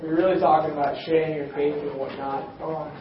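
A man speaks up in a group discussion, hesitant and full of restarts. His slightly high voice sounds distant and very echoey, with a dull, faintly noisy recording. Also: level tone, brisk. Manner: hesitant, many fillers and restarts. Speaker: group member. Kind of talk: casual discussion.

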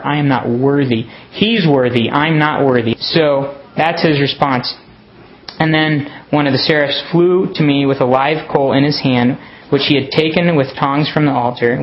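A man's voice: fairly high pitch, highs cut off. A man giving a conversational sermon to college students, acting out the quotes he reads. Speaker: campus ministry speaker.

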